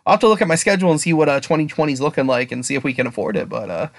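Male podcast co-host, young adult, high-ish voice, rambling and profane. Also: sing-song, very fast, vocal fry. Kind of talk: casual podcast chat.

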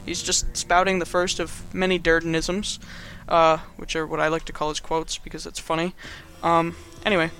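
Bright high-voiced young man rambling. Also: little pitch movement, moderate pace, hardly any pauses, soft background music. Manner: rambling, slangy, lots of fillers and chuckles. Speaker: video host. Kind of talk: casual movie recap.

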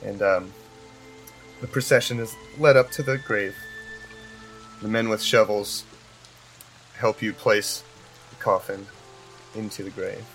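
A man narrating a tabletop game as game master in a relaxed, casual way. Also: lowish voice, takes it slowly, long pauses, soft background music, low-quality recording.

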